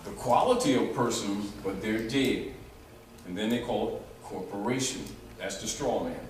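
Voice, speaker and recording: A man giving an animated, rambling informal lecture to a small group, restarting his sentences as he goes. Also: on the low side, moderate pace. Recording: echoey room, mic far off, faint noise.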